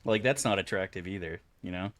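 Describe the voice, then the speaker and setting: A man's voice: low-pitched, a little fast, no room sound. A man from Florida chatting casually with viewers while streaming a game, rambling, offhand and full of swearing. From Florida, USA. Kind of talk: casual chat while gaming.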